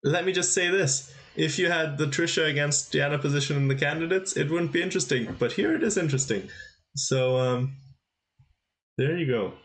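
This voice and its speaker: A man's voice: on the high side, moderate pace, a bit bright. Chatty man commentating chess live. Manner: chatty, thinks aloud, exclaims at blunders.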